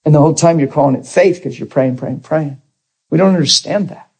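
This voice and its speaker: Man, preacher, husky voice, slightly high pitch, conversational sermon. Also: a little fast, rough recording. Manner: conversational, animated, acts out quoted people.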